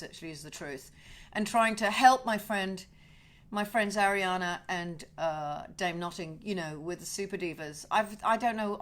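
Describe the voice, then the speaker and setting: A woman hosting a livestream from her home over a webcam, chatting animatedly with viewers, greeting them with whoops and swearing freely in ranting bursts. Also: mid-range voice. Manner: excited whoops greeting fans by name. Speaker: singer-songwriter hosting a livestream.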